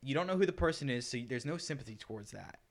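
A young man co-hosting a crude, casual podcast chat, laughing often and acting out quotes in loud bursts. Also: mid-range voice, lively intonation, rapid-fire. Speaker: podcast co-host.

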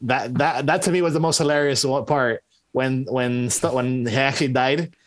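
Giggly man in casual chat. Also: medium pitch. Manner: laughs often, halting. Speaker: podcast co-host. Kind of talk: casual movie review chat.

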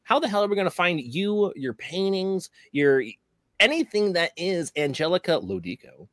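A man's voice: sits high, very animated, moderate pace, fairly bright tone, no echo. A man hosting a podcast in casual chat, joking around and slipping into exaggerated voices when he quotes people. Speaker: podcast host.

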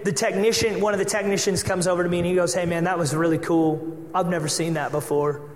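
A man preaching a sermon as pastor, telling a personal story with lively acted-out dialogue. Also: high voice, quick pace, a little hiss or hum. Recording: echoey hall with long reverb.

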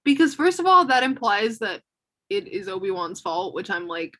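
A young woman in casual podcast chat, mid-pitched and animated. She argues her views freely, with plenty of fillers along the way. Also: moderate pace. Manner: animated, opinionated, filler-heavy. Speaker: podcast co-host.

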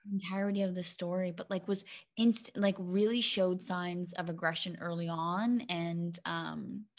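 A woman's voice: fairly low pitch, flat delivery, unhurried. A young woman co-hosting a podcast, chatting casually, swearing freely and filling with "like" and "um". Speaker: podcast co-host.

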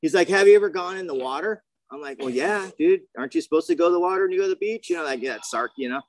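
A man telling his personal recovery story at a meeting, slangy and animated, acting out the voices of the people he quotes. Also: a little high, rapid-fire, no room sound. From grew up near the ocean.

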